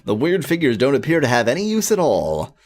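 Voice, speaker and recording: Gamer, lively pitch, giggly, casual co-play chat, reads game narration aloud. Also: a little fast. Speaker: co-player.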